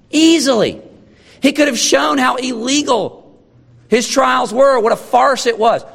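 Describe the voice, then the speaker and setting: Guy preaching a sermon, kinda high voice, big echoey hall, leans hard on his points. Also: fairly bright tone. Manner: emphatic, asks rhetorical questions. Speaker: pastor.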